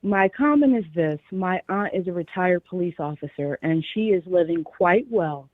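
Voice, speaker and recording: A woman from Philadelphia calls in to a show and states her opinion plainly and directly. She comes through a dry, tinny phone line at a middle pitch. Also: animated, moderate pace, dry recording. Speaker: caller.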